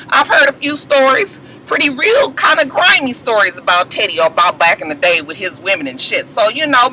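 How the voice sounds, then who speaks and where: A woman's voice: sits high, a little hiss or hum, rough recording. A woman giving a blunt, profane, laughing recap of a reality TV episode in a casual vlog. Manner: blunt, swearing, laughing, animated storytelling. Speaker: TV recap vlogger.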